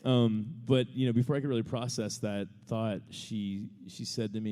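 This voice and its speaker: A man tells a personal story to a live audience, rambling and laughing at himself. His voice sits low and mellow. The sound rings with the long reverb of a large hall. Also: steady tone, normal speed, few pauses. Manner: casual, rambling, self-deprecating, laughing often. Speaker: podcast co-host answering audience questions. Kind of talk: live storytelling answer on stage.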